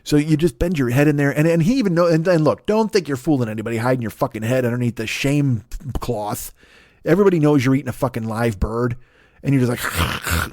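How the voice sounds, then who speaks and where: A man's voice: on the high side, a little fast, a little mellow, no echo, clean studio sound. A man in his forties doing a rambling, profane comedy monologue as the host of his own solo show, tangling up his sentences and breaking off into asides. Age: 40s. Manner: profane, riffing, self-interrupting with asides and laughs. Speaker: comedian hosting a solo podcast. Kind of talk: rambling stand-up style monologue.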